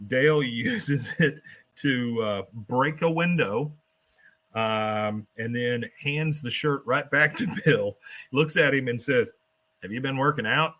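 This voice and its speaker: A man hosting a podcast, casually retelling a cartoon episode scene by scene, swearing and dropping into quick character voices. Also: medium pitch, fairly bright tone. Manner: swears casually and laughs while telling. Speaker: podcast host recapping an episode. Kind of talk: casual chat.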